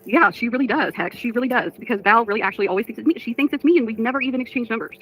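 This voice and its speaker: A woman's voice: fairly high pitch, very fast, a bit bright, slightly rough. A woman livestreamer talking casually to her chat, frustrated, reading comments aloud. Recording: dull lo-fi stream audio.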